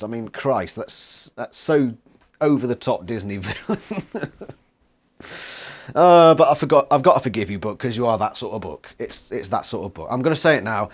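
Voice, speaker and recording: A man's voice: mid-range voice, lively intonation, moderate pace. A man giving a casual, sarcastic book review, swearing freely.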